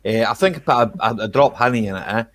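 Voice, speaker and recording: A man's voice: medium pitch, expressive, fast talker, fairly bright tone. A Scottish man hosting a casual livestream chat, rambling and tagging his sentences with little questions. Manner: chatty, rambling, peppers talk with "eh?" and "right?".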